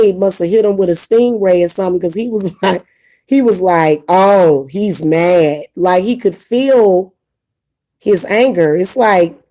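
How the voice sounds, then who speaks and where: A woman vents to her channel in a blunt, indignant rant, circling back over the same points. Her voice is mellow and warm rather than bright, and it sits at an ordinary middle pitch. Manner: blunt, indignant, repeats herself. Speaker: spiritual advice vlogger. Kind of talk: casual ranting monologue to camera.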